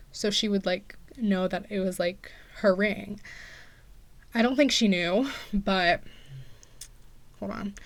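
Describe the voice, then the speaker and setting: A young woman in her late teens hosting a podcast, telling a story in a chatty, sassy way and saying "like" a lot. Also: medium pitch. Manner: chatty and sassy, heavy use of "like". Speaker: podcast host. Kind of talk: casual storytelling monologue.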